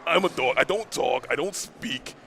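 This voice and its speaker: A man voicing Pluto the cartoon dog as a gruff male New York-area talker with a low, deep voice. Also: lively intonation, normal speed, fairly bright tone, slight background noise.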